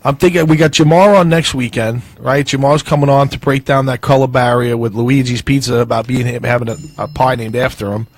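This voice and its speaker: A man's voice: mid-range voice, steady tone, brisk, hardly any pauses, dry recording. A man co-hosting a casual live talk show, joking, laughing often and making earnest pleas. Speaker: co-host.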